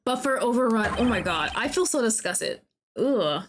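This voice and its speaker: A young woman streaming a game at her desk mic, chatty and thinking out loud, reading game lines aloud and reacting loudly with disgust. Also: a little high, animated, normal speed, noisy background. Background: game background music.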